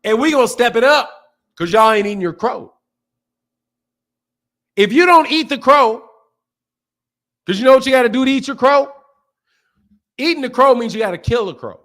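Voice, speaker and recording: A man hosting a boxing channel stream, giving heated, mocking commentary with drawn-out emphasis. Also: very high-pitched, lively intonation, fairly bright tone.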